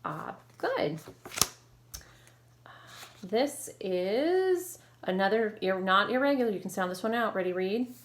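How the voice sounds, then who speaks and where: Slow, patient woman teaching phonics. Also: medium pitch, lively intonation. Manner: slow, clear modeling of sounds with cheerful praise. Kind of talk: online phonics lesson. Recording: echoey room with faint noise.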